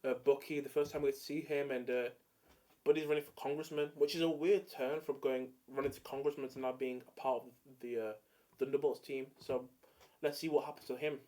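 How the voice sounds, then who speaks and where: A man's voice: mid-range voice, fairly even intonation, a little fast, warm tone. A young man in casual solo commentary, rambling with many fillers and jokey hot takes. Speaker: video creator ranking films.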